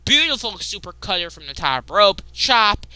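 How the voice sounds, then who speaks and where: Excitable bright-voiced woman recapping wrestling. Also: mid-range voice, normal speed, smooth, dry recording. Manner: excitable, swings between loud outbursts and muttered asides. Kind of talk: casual wrestling news recap.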